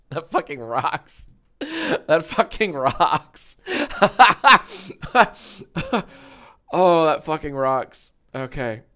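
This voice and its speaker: A man's voice: mid-range voice, sharp tone. A man in his thirties chatting casually on a live stream, tipsy from wine, rambling, joking and swearing freely from a home studio. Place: home studio with green screen.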